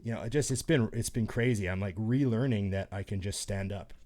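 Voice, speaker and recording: A man's voice: lowish voice, a little fast, warm tone. A man telling a long story in casual podcast chat, rambling, with many restarts.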